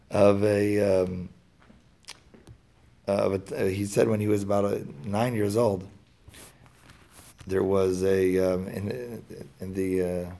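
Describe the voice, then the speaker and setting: Guy with a gravelly husky voice, halting storytelling talk, lots of ums and restarts. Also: on the low side, mellow. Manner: halting, many fillers and restarts.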